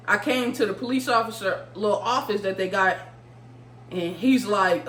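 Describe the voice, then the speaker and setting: A woman vlogger telling a story in a casual, animated way, swearing freely and talking straight to her viewers. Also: a little high, moderate pace, echoey room, a little hiss or hum.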